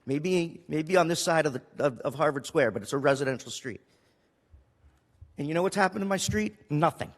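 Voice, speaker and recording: A city councilor speaking with emotion and frequent restarts during a council meeting. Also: male voice, a little high, lively intonation, normal speed, big-room sound. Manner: emotional, pleading, with restarts and repetition. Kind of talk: impassioned council meeting speech. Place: council chamber.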